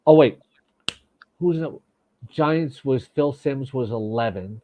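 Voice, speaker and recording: A man's voice: mid-range voice, slow, warm tone, no room sound. A man who is a fantasy football guest, chatting in a self-deprecating, talkative way over remote audio. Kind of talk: casual chat. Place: home in New York. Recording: dull dry remote audio.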